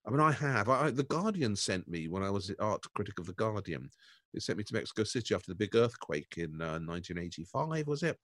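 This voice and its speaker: An older man in casual critical chat, digressing and laughing as he goes. His pitch swings widely and he sounds close, with no room around him. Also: very animated, quick pace, fairly bright tone, dry recording. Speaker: art critic, podcast co-host.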